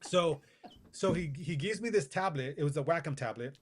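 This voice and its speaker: Man telling a story with animated dialogue. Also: on the high side, moderate pace, slight background noise. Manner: animated, acts out quoted dialogue, laughs while telling. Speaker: guest. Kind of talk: casual storytelling.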